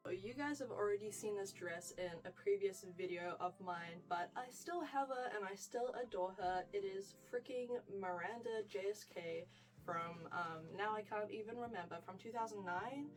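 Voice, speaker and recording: A woman's voice: medium pitch, moderate pace, far from the mic, faint music behind, poor audio. A young woman with a New Zealand accent giving a chatty, gushing wardrobe tour, full of "like" and "freaking". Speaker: fashion vlogger.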